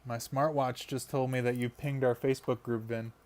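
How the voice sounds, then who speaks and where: A man's voice: mid-range voice, level tone, normal speed, a little mellow. A man chatting casually on a live stream while he paints miniatures, rambling and laughing often.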